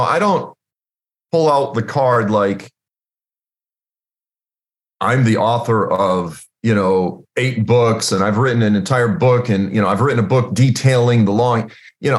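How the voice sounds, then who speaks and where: A man preaches in a relaxed, chatty way and tells personal stories to the congregation. His voice sits at an ordinary middle pitch. His talk is loose and full of fillers. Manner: conversational, full of "you know" and "like"; acts out dialogue with animated voices. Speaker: Christian teacher. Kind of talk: casual sermon with personal stories.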